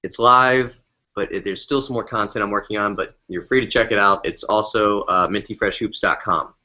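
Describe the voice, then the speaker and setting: A male guest on a live online show, talking casually and haltingly with fillers over a video call. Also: on the low side, steady tone, sharp tone, highs cut off. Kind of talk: casual interview answers.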